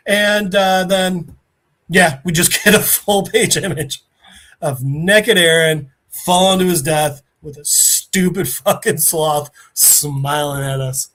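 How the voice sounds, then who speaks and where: A podcast host with a high voice speaks slowly as he animatedly retells a comic story in casual chat. He acts out the characters' lines as he goes.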